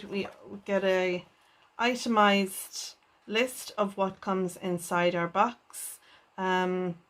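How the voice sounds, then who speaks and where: A woman hosting a papercraft unboxing video, speaking gently and often enthusing over each item. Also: medium pitch. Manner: gentle, enthuses with repeated "lovely". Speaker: papercraft channel host.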